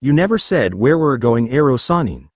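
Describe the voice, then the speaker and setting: A man's voice: mid-range voice, big pitch swings, moderate pace, no echo. Naruto, a man reading a brash boy ninja. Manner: loud, whiny, impatient. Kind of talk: fan fiction read aloud.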